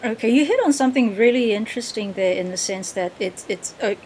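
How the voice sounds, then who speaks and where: A woman interview host who talks in an easy conversational way. She often closes her points with a tag question, and her voice sits at an ordinary middle pitch. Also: fairly quick, darkish tone, slight background noise, rough recording.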